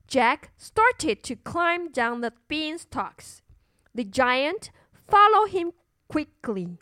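A woman narrating a children's storybook and teaching English words, clearly and slowly, repeating words for learners. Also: sits high, sing-song, sharp tone, dry recording, clean studio sound. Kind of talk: bilingual children's story narration and vocabulary lesson.

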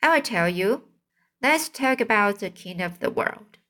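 A tiny, bossy male mouse schoolteacher, put on by a woman reading a storybook aloud. He is brisk and dismissive and takes his time with every word. He trips on long words now and then. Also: medium pitch, expressive, a bit bright.

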